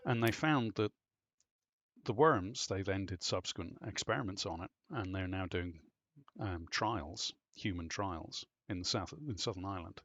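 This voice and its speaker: A podcast host tells a long story in a loose, rambling way, swearing freely. His voice is low-pitched and a bit bright at a normal speed, with no room sound, captured in a dull, lo-fi recording.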